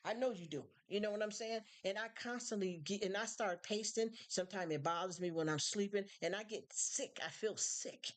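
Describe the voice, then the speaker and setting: A woman's voice: medium pitch, normal speed, hardly any pauses. Streamer, woman; loose rambling chat, repeats words when worked up. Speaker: live stream host. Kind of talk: casual chat.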